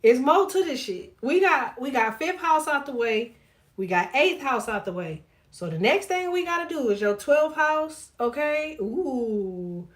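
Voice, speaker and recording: A woman's voice: sits high, expressive, a little slow. A woman tarot reader on a casual livestream who talks straight to her viewers, swears freely and laughs often as she jokes. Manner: profane, blunt and jokey, laughs often; talks to viewers directly, reads chat aloud.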